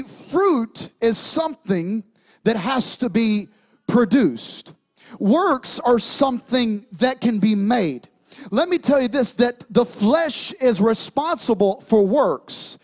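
A man's voice: sits high, animated, slow. A man, preaching a sermon in a church sanctuary, with humor and emphatic repetition. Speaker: pastor.

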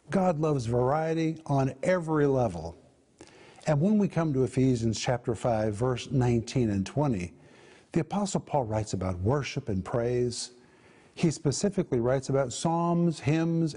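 An older man hosts a televised Bible teaching with an earnest, emphatic delivery. His voice sits at an ordinary middle pitch. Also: warm tone, husky. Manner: earnest, emphatic, urging viewers.

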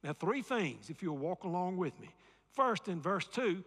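A man's voice: high-pitched, big pitch swings, measured pace, bright, forceful tone. Southern man preaching in a reverberant hall. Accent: Southern American. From Alabama, USA. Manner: emphatic preaching, repeats key phrases, calls for audience response. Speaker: pastor. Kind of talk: sermon.

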